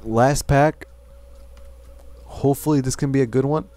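A man's voice: mid-range voice, fairly even intonation, measured pace, warm tone. A man hosting a gaming channel, giving casual commentary, frustrated and swearing as he grumbles about bad luck.

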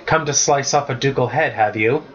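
A man's voice: medium pitch, fairly quick, a bit bright, natural voice. A man reading the lines of a cowardly young noble boy in a whiny, pleading way, in a muffled lo-fi recording. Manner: wailing, pleading.

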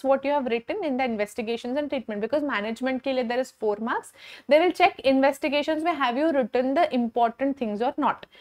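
A young woman with an Indian English accent giving an online exam-prep lecture, encouraging and repeating key points, mixing in Hindi. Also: sits high. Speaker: medical lecturer.

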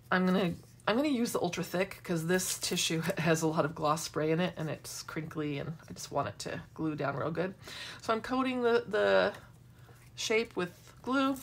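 A middle-aged woman hosts a relaxed craft tutorial, chatting as she works and drifting into rambling asides. Her voice is fairly low-pitched and fairly bright, with vocal fry.

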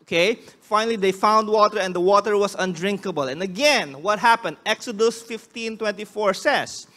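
Male pastor, unusually high pitch, emphatic sermon delivery with frequent restarts. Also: normal speed, bright, forceful tone. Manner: emphatic preaching, acting out quoted voices.

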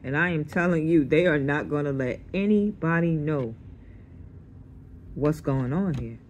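A tarot reader does a casual reading to camera, blunt and streetwise, swearing freely and repeatedly checking in with the listener with "okay?". Her mid-range voice moves a little slowly, with a bit of hiss or hum in the recording.

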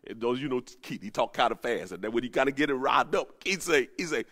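A man preaching a sermon, animated, rising to emphatic peaks and dropping to low asides. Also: fast talker, hardly any pauses. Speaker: pastor. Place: at home during the pandemic.

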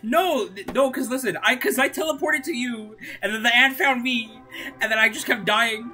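A woman streamer chatting casually while gaming, excitable, laughing often and swinging between moping and yelling. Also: on the high side, normal speed, soft background music.

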